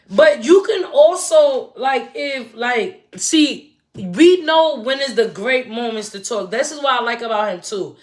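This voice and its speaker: A woman in her forties, hosting a casual livestream chat, talking straight to her viewers in a chatty, emphatic way. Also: on the high side. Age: 40s. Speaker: livestream host.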